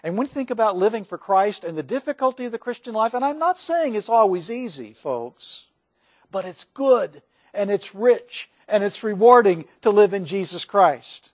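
A man's voice: sits high, lively intonation, moderate pace. A man pastor delivering a sermon to his congregation, earnest, rising when he reads scripture. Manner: earnest preaching, swells for quoted scripture. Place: church sanctuary.

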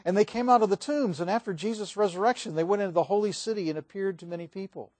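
A male pastor preaching a sermon, reading scripture aloud and moving between swelling emphasis and hushed passages. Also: high-pitched, fast, dry recording.

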